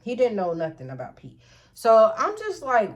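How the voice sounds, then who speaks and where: A woman's voice: fairly high pitch, huge pitch swings, normal speed. A woman telling a casual, profane storytime straight to her viewers. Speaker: storytime vlogger.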